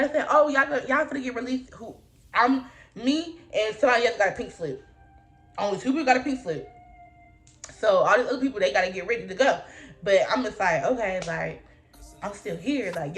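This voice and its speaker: A young woman telling a storytime vlog in casual slang, acting out voices with big jumps in pitch. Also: normal speed, faint music behind. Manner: animated storytelling, acting out her own and others' lines with big pitch jumps. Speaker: vlogger.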